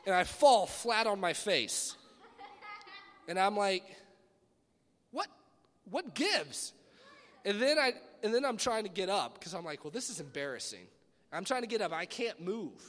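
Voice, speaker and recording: A young man with a high-pitched voice preaches to a youth group. His storytelling is animated and swings between loud bursts and quiet asides. His voice rings with a long reverb in a big hall. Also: moderate pace. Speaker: youth pastor. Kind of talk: sermon.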